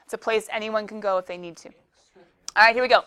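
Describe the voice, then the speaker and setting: A woman's voice: medium pitch, fairly even intonation, fast, long pauses, sharp tone, clear, resonant tone. A woman teaching a classroom math lesson, playful and joking with her students as she works a problem.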